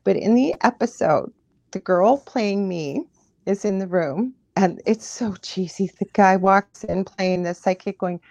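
A woman guest tells her stories with lively asides and easy laughter. Her voice sits at a middle pitch, and the recording is dry and close, with no room echo. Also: gravelly. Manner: animated storyteller, laughs often, quick asides. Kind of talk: casual chat, storytelling.

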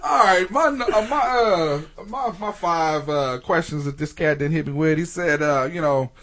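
A man's voice: a little high, normal speed. A man co-hosting a podcast, telling a funny story in casual chat and quoting others as he goes. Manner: animated storyteller, quoting people with laughs. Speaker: podcast co-host.

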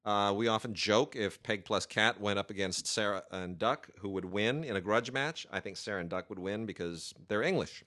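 A man with a voice a little on the low side talks casually about new home video releases. His delivery is chatty and rambling, often stopping for filler sounds before he finds his point. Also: normal speed, few pauses, fairly bright tone. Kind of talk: casual chat.

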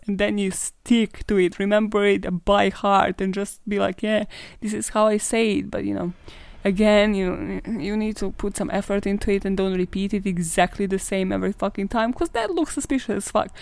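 Give me a jokey, foul-mouthed young woman hosting a podcast, mid pitch, dry sound. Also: normal speed, vocal fry, darkish tone, no echo. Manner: swears a lot, jokey and chatty. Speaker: podcast host. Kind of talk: casual storytelling podcast.

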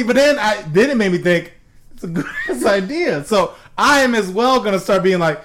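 High-voiced man telling animated stories. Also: fairly quick, slight background noise. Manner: animated storytelling, laughing often. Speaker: podcast co-host. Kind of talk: casual podcast chat.

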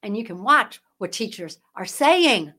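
A woman's voice: medium pitch, big pitch swings, unhurried, sharp tone. A woman hosting a Christian podcast, giving impassioned commentary with emphatic, preachy delivery and a string of rhetorical questions. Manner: parent. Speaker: podcast host.

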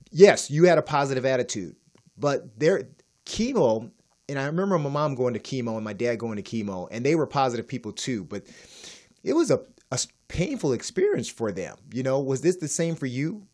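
A male host runs an interview in a lively, animated voice that moves up and down a lot. He reacts to his guest with short exclamations. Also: mid-range voice, a little fast.

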